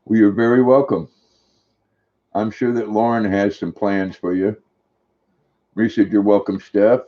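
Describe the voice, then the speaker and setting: A man's voice: lowish voice, steady tone, a little slow, mellow, muffled recording. An older man hosting a casual live stream, chatting affectionately and talking sweetly to his dog.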